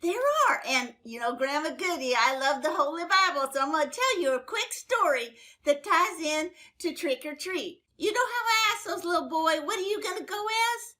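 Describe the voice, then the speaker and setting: An older woman spins a Bible story for little kids in a chatty, homespun way, leaning on fillers and little exclamations. Her voice sits high and bright, with a clear, forward ring. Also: normal speed, few pauses. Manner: animated, exclaiming. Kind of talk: storytelling to children.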